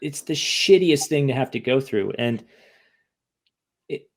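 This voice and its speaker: A man's voice: mid-range voice, expressive, unhurried. A man from the United States, a podcast guest, speaking candidly and rambling with many restarts in an emotional interview.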